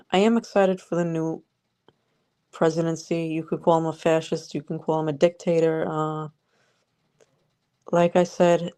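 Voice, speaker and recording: A woman's voice: on the low side, darkish tone. A woman vlogger ranting sarcastically about politics straight to the viewer. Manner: sarcastic, exasperated, talks to the viewer.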